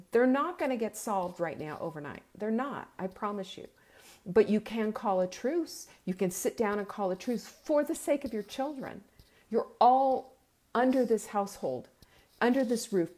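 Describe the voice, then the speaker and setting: A woman's voice: mid-range voice, a little mellow. A middle-aged woman hosting a live meal-planning show, giving an earnest, urging pep talk, at times tearful.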